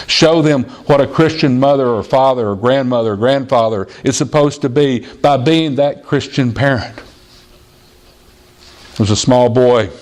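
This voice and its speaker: A man of middling pitch preaches to his congregation. He tells stories in an earnest, steady way and sometimes jumps to a high child's voice when quoting a little boy. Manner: storytelling, plain earnest preaching. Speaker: pastor. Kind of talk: sermon. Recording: audio-only church sermon recording.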